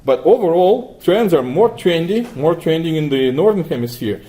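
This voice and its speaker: A man teaching a class, walking through software steps and asking students questions, often adding 'right?'. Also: a little high, lively intonation, normal speed. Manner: asks the class frequent questions, tags 'right?'. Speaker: lecturer. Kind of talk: classroom lecture with software demo.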